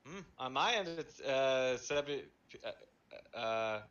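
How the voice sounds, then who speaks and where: Bright-voiced, easygoing male co-host. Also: mid-range voice, animated, slow pace, lo-fi sound. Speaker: podcast co-host and streamer. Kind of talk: casual chat.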